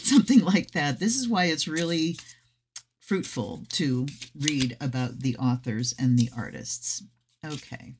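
A woman's voice: low voice, expressive, moderate pace, darkish tone. Chatty woman tarot reader, swearing. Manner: chatty and effusive, swearing, with frequent personal asides. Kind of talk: casual deck review reading aloud from a guidebook.

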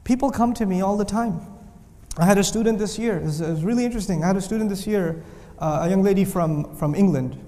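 In a big, echoing hall, a male teacher with a notably high voice lectures students at a quick pace. His lively talk mixes humor and joking asides with repeated points, and the room's long reverb trails after every phrase.

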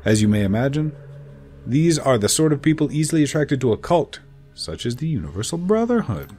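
A man's voice: medium pitch, very animated, fairly quick, a little mellow, faint music behind, close to an everyday voice. A man voicing a flamboyant, theatrical male elf who lectures with playful asides.

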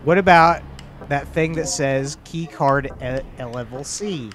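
A man's voice: on the high side, slow pace, a bit bright. A man co-hosting a let's play, teasing his partner with dry remarks. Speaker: co-host. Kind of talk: casual gameplay chat.

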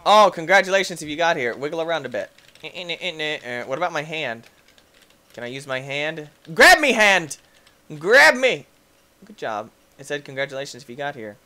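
A man giving goofy, excitable commentary over his gameplay, laughing and yelling at the game. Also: a little high, fast talker. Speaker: gaming YouTuber. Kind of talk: let's play commentary.

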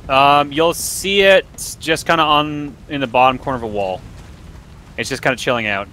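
A man giving casual, jokey commentary while playing a co-op game, quick to laugh. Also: medium pitch, sharp tone, slight background noise. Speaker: co-op gamer.

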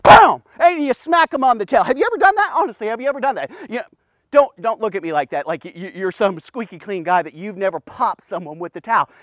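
High-voiced excitable male Bible teacher. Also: quick pace, no room sound, clean studio sound. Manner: punchy, keeps asking "okay?", bursts of loud exclamations. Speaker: men's devotional teacher. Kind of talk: casual energetic Bible teaching.

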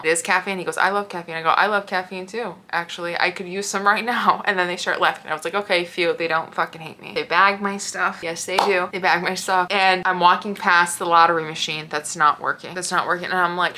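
A woman's voice: on the low side, bright, forceful tone. A woman vlogger in pain, telling a casual, profane story in a chatty way with frequent tag questions.

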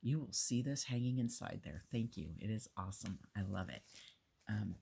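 A middle-aged woman, stuffy from allergies, chatting casually and gushing warmly while opening a gift at home. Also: very deep voice, animated, normal speed, vocal fry, a little hiss or hum. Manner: gushing, affectionate. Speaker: crafting vlogger. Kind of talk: casual unboxing chat.

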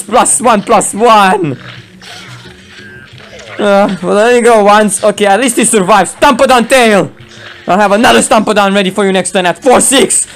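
A man giving playful, excitable game commentary, laughing often and throwing in mock roars while he voices both sides of a match. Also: sits high, normal speed, soft background music. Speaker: gameplay commentator.

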